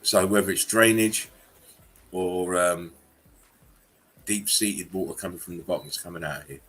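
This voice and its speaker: A man hosting a casual live-stream chat, often bursting into high laughter. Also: steady tone, moderate pace, fairly bright tone, husky. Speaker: channel host.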